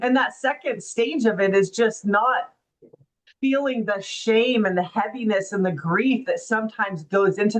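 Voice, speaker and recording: A woman's voice: medium pitch, low-quality recording. Reflective middle-aged woman telling a story. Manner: reflective, heartfelt, many "you know" and "right?" asides. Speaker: guest author. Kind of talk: casual interview storytelling.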